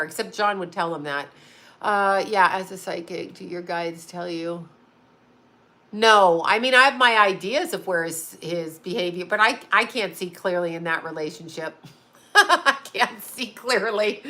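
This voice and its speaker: A woman in her fifties, a psychic medium and astrologer, chats casually on her livestream channel with blunt swearing and frequent laughs. Her mid-range voice is expressive and unhurried, bright and forceful in tone.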